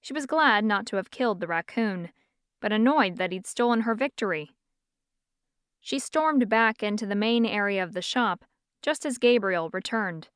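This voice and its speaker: A woman narrates a novel in steady, even storytelling. Her voice is smooth and clear at an ordinary pitch. The studio recording is completely dry. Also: moderate pace, no room sound. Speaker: audiobook narrator. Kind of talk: scripted narration.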